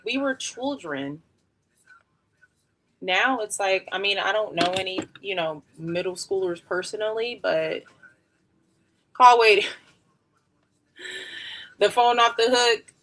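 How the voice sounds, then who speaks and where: Woman in her thirties, beauty streamer at home; bright, loose, rambling delivery full of slang and asides. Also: mid-range voice. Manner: rambling, chatty, slangy, laughs often. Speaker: beauty livestreamer. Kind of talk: casual live-stream chat during a wig tutorial.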